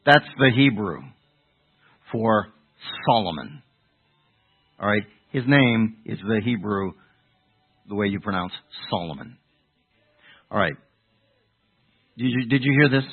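A man's voice: lowish voice, expressive, takes it slowly, pauses often, slightly rough. A male preacher from delivering a sermon, rambling with restarts and rhetorical questions to his congregation. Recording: tinny phone-like sound.

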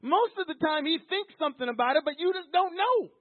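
Preacher, male, very high voice, emphatic and repetitive, tinny dry phone-like recording. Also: lively intonation, brisk, few pauses, dry recording. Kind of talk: sermon.

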